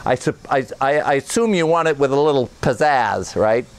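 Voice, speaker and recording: Man doing a higher-pitched, pushy, ranting voiceover celebrity for a comedy bit. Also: clear, resonant tone, close to an everyday voice. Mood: impatient. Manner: ranting, indignant, fast-talking.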